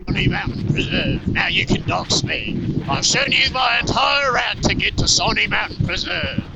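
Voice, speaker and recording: A high-voiced man rides a motorcycle in the bitter cold and narrates to his helmet camera in a loud, goofy, swearing rant. His pitch leaps all over the place, and his drawn-out words turn gravelly. Heavy wind roars across the mic the whole time. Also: lively intonation, muffled recording. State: freezing cold. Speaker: motorcycle vlogger. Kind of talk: casual helmet-cam riding commentary. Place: outdoors riding a motorcycle.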